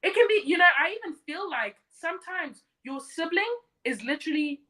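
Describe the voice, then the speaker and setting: A woman's voice: extremely high pitch, expressive, normal speed, bright, forceful tone, low-quality recording. A woman in her thirties hosting a live stream, blunt and mocking as she talks and mimics others. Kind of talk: opinionated live stream monologue.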